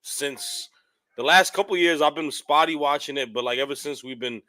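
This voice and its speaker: A man co-hosting a casual wrestling watchalong, excitable and joking, often tripping over his words. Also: on the high side, normal speed, no room sound. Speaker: co-host.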